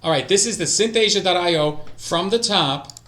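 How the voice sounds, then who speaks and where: A man streaming a casual study session, talking to himself and drifting into quiet mutters. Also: high voice, normal speed. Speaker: streamer learning languages. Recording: echoey room.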